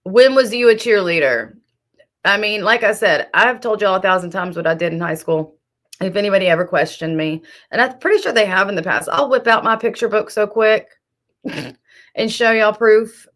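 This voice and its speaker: A woman hosting a live stream gossips and calls people out in casual chat, sassy and speaking straight to her chat. Her voice is medium-pitched and fairly bright, at a moderate pace.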